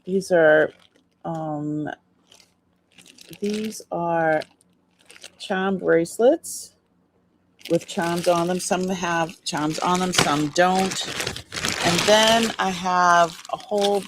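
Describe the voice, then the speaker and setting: Slow, low-voiced woman chatting on stream. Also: slight background noise. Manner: chatty, rambling, trails off with fillers. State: sleepy, yawning. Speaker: jewelry seller on a live stream. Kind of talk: casual live-stream chat.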